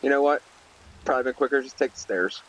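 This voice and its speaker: A young man with a medium-pitched, fast voice gives casual Let's Play commentary, ranting in an irritated, rambling way packed with "like" fillers. The audio quality is poor.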